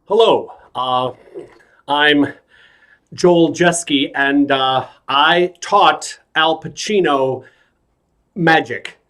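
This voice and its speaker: A man from New York telling a stand-up story in a hesitant, deadpan way over a video call. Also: on the high side, very slow, long pauses. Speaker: stand-up comedian. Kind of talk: stand-up comedy set.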